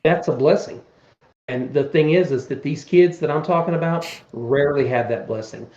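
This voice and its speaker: A man's voice: a little high, moderate pace, darkish tone, echoey room, highs cut off. A man in his fifties talking earnestly on a podcast, rambling with many restarts as he explains his charity work. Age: 50s. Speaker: podcast guest, charity event organizer. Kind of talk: casual chat.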